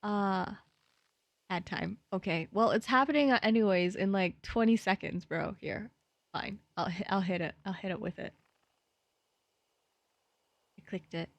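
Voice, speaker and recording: A woman's voice: medium pitch, unhurried, pauses often, no room sound, lo-fi sound. Young female streamer, mid-range voice, playful chat and read-aloud game text, dry booth-like sound. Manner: playful and chatty, jittery when scared.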